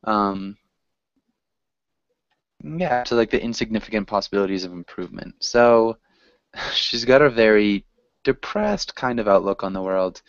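Slow, hesitant man explaining a story. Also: lowish voice, expressive, clear, resonant tone, dry recording. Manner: casual, hesitant, with many fillers. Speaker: teacher. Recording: dull lo-fi recording.

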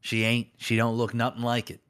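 A man's voice: medium pitch, completely flat delivery, a little fast, fairly bright tone, clear, resonant tone. A man hosting a podcast, telling a long comic analogy in casual chat, rambling and full of restarts. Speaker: podcast host. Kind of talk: comedic storytelling in casual chat.

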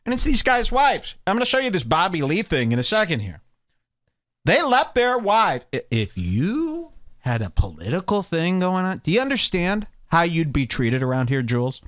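Brash, bright-voiced ranting man. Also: mid-range voice, clean tone. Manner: abrasive, profane, mocking. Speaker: podcast host. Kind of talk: casual rant with cohost.

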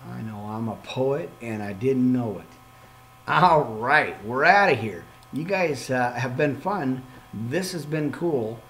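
A man, a minister hosting a live podcast, signing off with excitable, playful talk, frequent amens and asides to himself. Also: medium pitch, takes it slowly. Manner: preacherly amens and exhortations.

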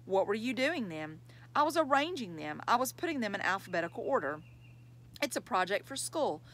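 Defiant little schoolboy, whiny and pushy, jumpy pitch, as a woman reads him. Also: big pitch swings, a little fast, fairly bright tone. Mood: fibbing. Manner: whiny, insistent outbursts. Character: young schoolboy, defiant and fibbing.

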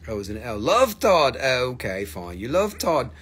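A man's voice: mid-range voice, very animated, moderate pace, fairly bright tone, husky, faint music behind. A man hosting a live crystal sale, chatting casually, teasing viewers and swearing freely. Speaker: livestream crystal seller. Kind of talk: casual live sales chat.

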